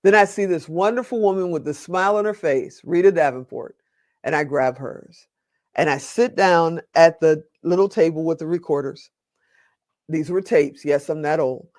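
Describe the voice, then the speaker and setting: A man's voice: on the high side, dry recording, clean studio sound. Earnest man telling his story. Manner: earnest, slows down for emphasis. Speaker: podcast guest. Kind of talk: personal storytelling in an interview.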